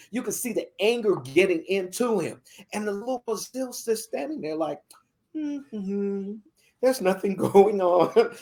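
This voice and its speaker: Brief: podcast guest spinning a story, lively pitch swings, lots of "you know". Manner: vivid, animated storytelling with many "you know"s. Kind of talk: told story in conversation.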